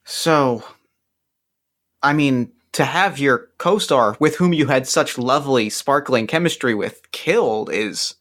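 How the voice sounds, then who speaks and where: Man, player, medium pitch, casual, hesitant, describing actions in a tabletop game. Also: takes it slowly, fairly bright tone.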